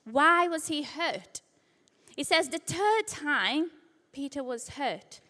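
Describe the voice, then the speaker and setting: A woman's voice: high voice, lively intonation, slow pace, pushed and bright, long reverb tail. A woman preaching a sermon in a church, retelling a scripture story with acted-out quotes. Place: church hall.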